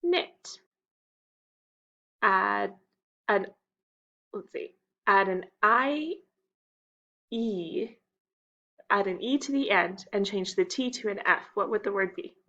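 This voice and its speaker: A woman's voice: mid-range voice, takes it slowly, pauses often, pushed and bright, muffled recording. A woman teaching young children a phonics lesson, patient and stretching out the key words.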